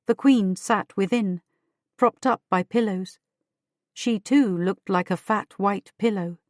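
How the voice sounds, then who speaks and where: A woman reads a first-person audiobook in a measured storytelling manner. Her voice is mid-pitched, recorded dry and close. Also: darkish tone, dry recording. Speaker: audiobook narrator.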